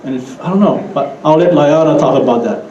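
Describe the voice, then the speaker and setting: A man with a Hawaiian Pidgin accent giving a keynote talk in a relaxed storytelling manner, with asides to the audience. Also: fairly high pitch, a little fast, reverberant, highs cut off, a little hiss or hum. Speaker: keynote speaker.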